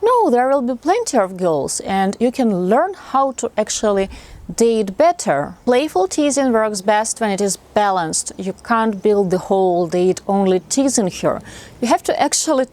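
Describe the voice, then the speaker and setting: A woman's voice: mid-range voice, big pitch swings, normal speed, darkish tone. A woman giving dating advice to the camera in a friendly, instructive way. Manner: friendly and instructive, acts out sample lines. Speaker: dating coach.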